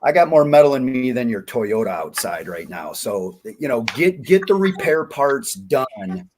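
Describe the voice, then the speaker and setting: A man in his forties telling war-buddy stories in a folksy, animated way on a casual interview. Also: medium pitch, moderate pace, noisy background. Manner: folksy, animated, acts out quoted dialogue. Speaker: podcast guest, diving company founder.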